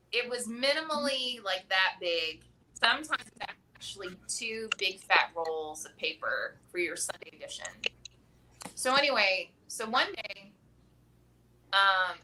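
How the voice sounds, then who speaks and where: Chatty woman telling a story, lots of likes and rights, noisy clicky background. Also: medium pitch. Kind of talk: casual storytelling. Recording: clear background noise with clicks.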